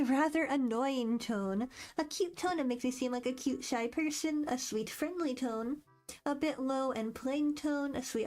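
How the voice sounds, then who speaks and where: A young woman streaming, chatting casually and rambling as she reads quiz questions aloud with a bubbly, self-deprecating manner. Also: sits high. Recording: faint background music.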